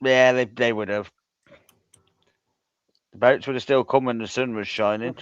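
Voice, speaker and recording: A man's voice: mid-range voice, fairly even intonation, normal speed, smooth, dry recording, lo-fi sound. A man on a live stream who talks bluntly with sarcastic remarks.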